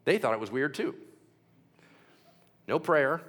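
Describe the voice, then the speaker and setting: A man's voice: medium pitch, sing-song, measured pace, a bit bright. A man preaching a sermon, telling the stories animatedly with sound effects and acted-out quotes.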